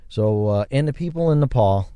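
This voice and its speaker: A man's voice: medium pitch, expressive, fairly quick, warm tone, clean tone, no echo. A man hosting a solo podcast, talking in a rambling, reflective way with religious touches. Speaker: podcast host. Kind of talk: solo casual monologue.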